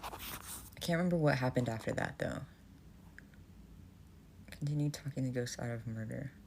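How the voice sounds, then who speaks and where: A woman streamer working through a story game in a relaxed, thinking-aloud way. Her voice is very low with plenty of vocal fry and a dark, mellow tone. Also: moderate pace, slight background noise. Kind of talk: casual game playthrough and reading aloud.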